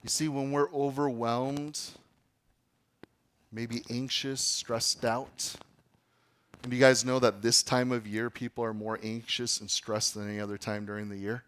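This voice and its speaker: A man delivers a sermon with a bright, ringing voice and an unhurried pace. He swings dramatically between booming declamation and near-whispered passages, as a pastor addressing his congregation. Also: little pitch movement, clean tone.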